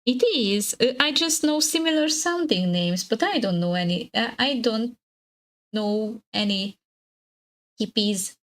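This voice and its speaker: Slow, giggly young woman streamer. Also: lively intonation, a bit bright, poor audio. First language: Hungarian. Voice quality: slightly husky lowered voice. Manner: giggly, hesitant, many fillers and restarts. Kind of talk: casual live-stream chat.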